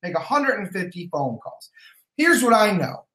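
Energetic motivational man in an echoey room. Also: high-pitched, moderate pace. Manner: energetic, emphatic, repeats points, casual swearing, greets viewers by name. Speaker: sales team leader. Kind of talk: motivational livestream talk.

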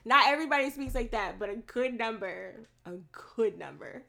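A chatty woman co-hosting a podcast, her voice sitting a little high. She laughs often and tells stories with lively energy. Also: moderate pace, vocal fry. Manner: laughs often, animated storytelling. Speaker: podcast co-host. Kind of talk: casual chat.

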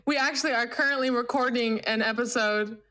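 A podcast co-host, a woman with a slightly high voice, speaks fairly quickly in casual conversation. Giggly and excitable, she reads a message aloud and laughs until she's out of breath.

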